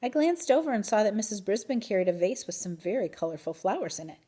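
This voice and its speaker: A woman reading a children's book aloud in an expressive, animated way. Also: mid-range voice, fast. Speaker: reader. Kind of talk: storybook read-aloud.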